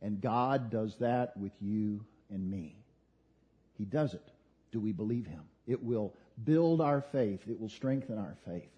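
A man preaching a sermon, retelling scripture as an animated story. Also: on the low side, measured pace, breathy edge. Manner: animated storytelling, voicing quoted figures. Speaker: pastor. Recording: dull lo-fi sound.

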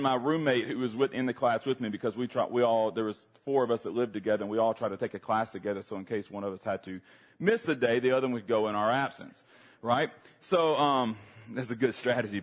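Southern man preaching with humor. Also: mid-range voice. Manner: animated, humorous storyteller, acts out his younger self. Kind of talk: sermon with personal storytelling.

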